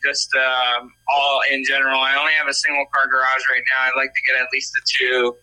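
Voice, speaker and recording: A man in his thirties calling in to a podcast, speaking in a hesitant, halting way with many fillers. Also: medium pitch, completely flat delivery, sharp tone, poor audio. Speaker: caller. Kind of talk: casual phone-in chat.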